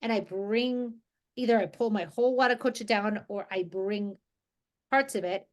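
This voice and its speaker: Relaxed woman leading a group call. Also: medium pitch, moderate pace. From New Jersey, USA. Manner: relaxed, rambling, with frequent restarts. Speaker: energy healing group facilitator. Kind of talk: casual guided group talk. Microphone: video call.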